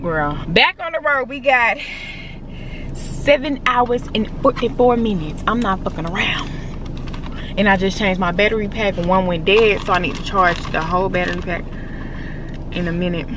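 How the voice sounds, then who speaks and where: Chatty woman vlogging from her car. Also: medium pitch. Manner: chatty, profane, talks to herself and her dog. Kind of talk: casual driving vlog. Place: inside a car on a road trip. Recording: dull lo-fi audio with loud road noise.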